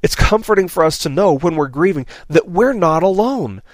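A man preaching a sermon in an earnest way, asking rhetorical questions and dropping softly on key phrases. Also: fairly high pitch, expressive, moderate pace, no echo.

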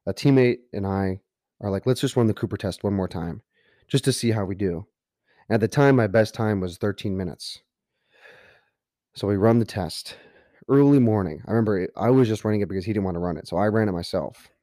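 A man's voice: on the low side, a little fast, dark tone, no room sound, clean studio sound. A man hosting a podcast, telling a personal story in an earnest way that builds to emphatic motivational points. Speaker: podcast host.

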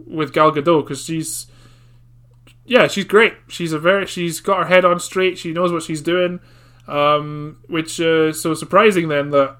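Podcast guy, bright tense voice, jokey and sweary. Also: on the high side, fairly even intonation, unhurried, clear, resonant tone. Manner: joking, swears freely, laughs often. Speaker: podcast co-host. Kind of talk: casual chat.

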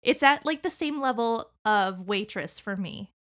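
Young female co-host, casual and animated, filler-heavy. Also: mid-range voice, unhurried. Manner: animated, laughs often, many fillers. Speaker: podcast co-host. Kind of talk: casual chat about musicals.

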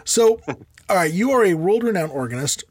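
A man with a fairly high voice, hosting a podcast. He talks in a chatty, rambling way and often restarts his sentences. The recording is dry and close, with no room sound. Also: expressive, moderate pace, breathy edge, no echo. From United States. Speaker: podcast host. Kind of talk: podcast interview.

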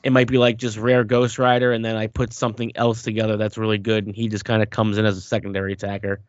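A man with a somewhat low voice talks in loose, teasing podcast banter, swearing freely. The sound is dry and a little dull. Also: level tone, quick pace, dry recording. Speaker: podcast co-host. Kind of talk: casual chat.

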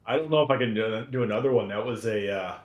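A man's voice: on the low side, fast, highs cut off. A man appearing as a podcast guest, hesitant and self-deprecating, stumbling over his words. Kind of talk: casual podcast chat.

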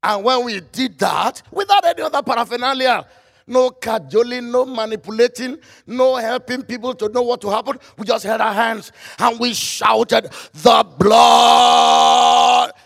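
A man preaching a fervent sermon, quoting scripture in old-style phrasing and breaking into shouts. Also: very high-pitched, normal speed, vocal fry.

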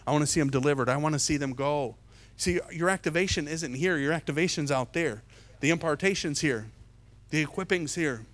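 A middle-aged man preaching a sermon as an evangelist, telling a story with lots of repeated words, jumping from loud to hushed. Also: on the high side, fairly quick. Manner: repeats words and restarts often.

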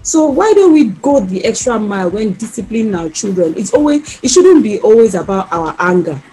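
A woman, co-hosting a casual faith-based chat on parenting, animated and laughing often. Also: mid-range voice, fairly quick. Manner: animated storyteller, laughs often, acts out her children's voices. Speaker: podcast co-host. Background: soft background music.

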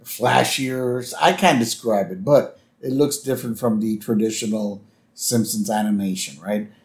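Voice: medium pitch, unhurried. A podcast co-host casually recapping a cartoon episode, often checking in with "right?". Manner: lively, keeps checking in with "right?".

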